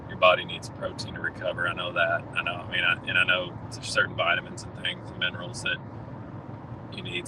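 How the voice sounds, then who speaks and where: A man talking in a halting, reflective way, with many restarts, while he drives a car. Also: deep voice. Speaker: husband in a family vlog. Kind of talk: casual personal talk. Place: driving a car. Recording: distant mic in a noisy car.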